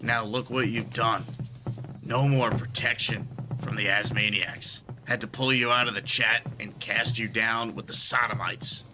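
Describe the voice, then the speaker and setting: A man doing a menacing jailer over loud music. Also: medium pitch, steady tone, measured pace, natural voice. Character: menacing male jailer banishing a chat troll. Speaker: recorded bit played on the show.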